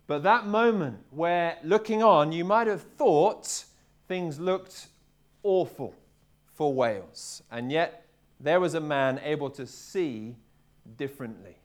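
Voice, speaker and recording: Conversational English preacher, light voice. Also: male voice, on the high side, expressive, takes it slowly. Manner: conversational, repeats words while talking to the congregation. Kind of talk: sermon. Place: church hall with a live congregation.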